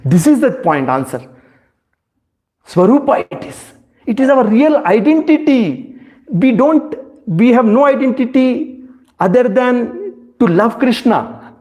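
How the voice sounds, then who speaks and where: A man's voice: extremely high pitch, sing-song, takes it slowly, long pauses, a little mellow. A man giving a devotional talk, searching for words with many fillers and asking rhetorical questions. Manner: rhetorical questions, rising emphasis. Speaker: spiritual speaker.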